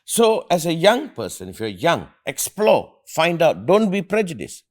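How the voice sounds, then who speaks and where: A man's voice: a little high, wildly swooping pitch, unhurried. A middle-aged man from India, hosting an earnest motivational talk with his family and repeating phrases for emphasis. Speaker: host and motivational speaker.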